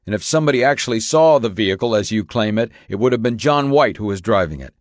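Male reader as accused father, earnest, indignant, insistent, low voice. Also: animated, fast talker, no echo, studio quality, natural voice. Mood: protesting. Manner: pleading, insistent.

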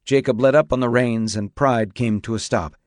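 Guy reading a story out, medium pitch, steady and measured, dry close sound. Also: no room sound. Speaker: audiobook narrator. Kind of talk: scripted narration.

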